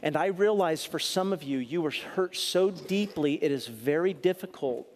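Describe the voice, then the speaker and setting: A male pastor preaching a sermon in a church, moving between loud punchy lines and soft, earnest asides as he tells a story. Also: on the high side, moderate pace, big-room sound.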